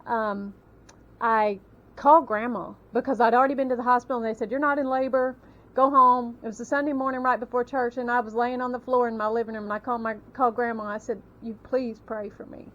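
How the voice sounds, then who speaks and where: A middle-aged woman leading a casual family chat, asking questions and reacting quickly. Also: fairly high pitch, steady tone, a bit bright. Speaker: family member leading the talk. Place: indoors at a family table. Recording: dull, lightly noisy home recording.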